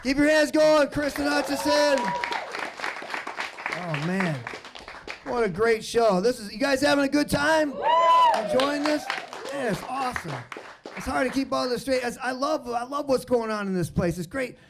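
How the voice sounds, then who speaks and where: A man's voice: very high-pitched, expressive, moderate pace, gravelly, background noise. A man hosting a stand-up comedy show on stage, introducing comics and telling rambling self-deprecating jokes. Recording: live room with crowd laughter. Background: audience laughter.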